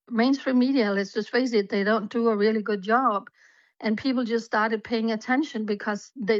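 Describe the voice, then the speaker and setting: A woman's voice: mid-range voice, no echo. Danish-born woman with a dull remote line. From Denmark. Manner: earnest storytelling. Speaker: guest journalist. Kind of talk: personal testimony in a radio interview.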